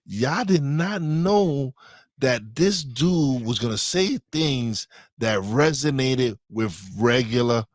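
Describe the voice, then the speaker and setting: A man's voice: medium pitch, lively intonation, slow, no echo, studio quality. A man co-hosting a podcast in casual chat, talking bluntly and emphatically in slang and often repeating himself. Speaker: podcast co-host.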